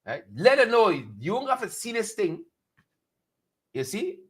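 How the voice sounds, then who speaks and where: A man's voice: sits high, huge pitch swings, measured pace, breathy edge. A man with a Guyanese accent hosting a satirical news commentary, talking with animation and repeating lines for emphasis. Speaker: host.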